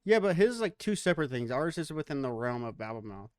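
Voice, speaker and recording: A man's voice: mid-range voice, very animated, fast talker, no room sound, clean studio sound. A man hosting a podcast, bantering casually with jokes and a lot of swearing. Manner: joking, profane banter. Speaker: podcast host.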